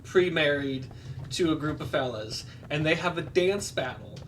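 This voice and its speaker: A man's voice: a little high, normal speed, fairly bright tone, distant mic, slight background noise. A man casually retelling a movie plot while playing a game, rambling with lots of fillers and quoted lines. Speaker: podcast co-host.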